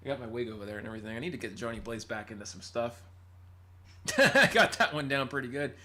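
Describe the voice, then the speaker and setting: A man's voice: medium pitch, animated, fast, sharp tone. A man from California's Central Valley hosting a casual livestream, rambling, laughing often and reading chat aloud. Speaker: livestream host and musician.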